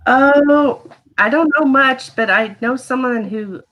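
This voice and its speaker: A woman's voice: high-pitched, slow pace, highs cut off. A woman from Missouri, a tarot card reader guest, answering hesitantly with many ums. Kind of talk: casual interview.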